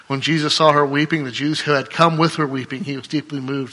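A man's voice: a little high, bright, forceful tone, long reverb tail. A man preaching a sermon in a conversational, emphatic way, full of rhetorical questions. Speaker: pastor.

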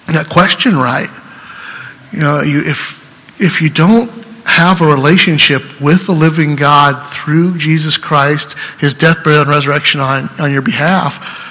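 A male pastor delivers a sermon in a somewhat raised, bright voice. He talks through the passage in a conversational way and grows emphatic when he presses his listeners. The sound carries a long church-hall reverb. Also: on the high side. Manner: conversational preaching, rising to emphatic exhortation.

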